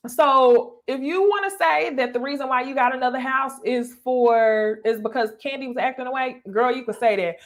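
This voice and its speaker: A woman's voice: high voice, a bit bright. A woman giving a chatty, gossipy recap of a reality TV episode, talking straight to her viewers. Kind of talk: casual recap commentary.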